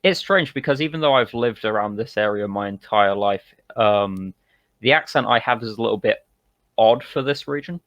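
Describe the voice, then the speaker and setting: A British man answering interview questions in a thoughtful, hesitant way, often pausing to find his words. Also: on the low side, fairly bright tone, dry recording, dull audio. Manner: thoughtful, hesitant, many ums and restarts. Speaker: interview guest. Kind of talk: casual online interview chat.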